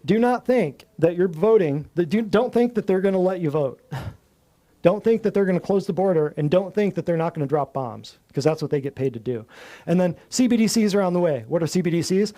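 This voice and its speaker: A man's voice: sits high, expressive, brisk, mellow. A man hosting a natural health talk, preaching bluntly to a live group in a folksy, slangy way and piling up long emphatic lists. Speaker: natural health clinic host.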